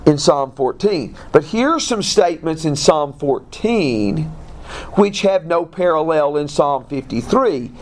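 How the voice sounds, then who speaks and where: A man teaching a Bible class, reading passages slowly and deliberately and putting questions to his students. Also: on the high side.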